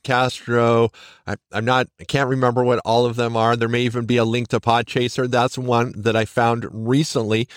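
This podcast host speaks at a medium pitch in studio-quality audio with no echo. He keeps his solo show upbeat and chatty, tossing off quick shout-outs, chuckling at his own mistakes and fixing them as he goes.

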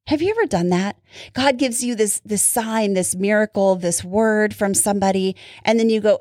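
A woman teaches a Bible story in a relaxed, chatty way, breaking into little laughs and playing out prayers in her own voice. Her voice sits at a middle pitch. It is recorded close and dry, with no room sound. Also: moderate pace, no room sound. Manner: warm, often laughs, acts out prayers in quotes.

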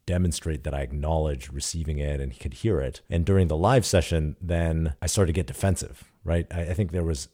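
A man with an extremely deep, dark and mellow voice recounts a story in an interview. He talks casually and animatedly, slipping into quoted dialogue and swearing now and then. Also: fairly even intonation, a little fast, hardly any pauses. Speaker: startup CEO guest.

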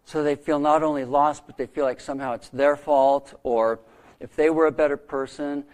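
A middle-aged man preaching a sermon, telling a story earnestly with dramatic pauses. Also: on the high side, steady tone, darkish tone. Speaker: pastor.

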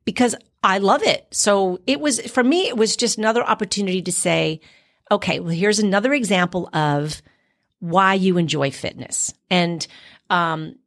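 A middle-aged Canadian actress speaks at a medium pitch and moderate pace, chatting casually on a podcast. She's an animated storyteller who acts out the things she says to herself as the tale unfolds.

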